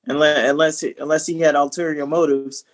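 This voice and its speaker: A man's voice: on the high side, level tone, brisk. A man co-hosting a podcast in casual chat, rambling with lots of "you know" and repeated words. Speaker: podcast co-host.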